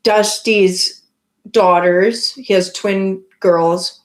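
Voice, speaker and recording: A woman's voice: medium pitch, fairly even intonation, very slow. A Canadian woman hosting a casual live stream, chatting with viewers in a rambling way full of likes and restarts. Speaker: livestream host.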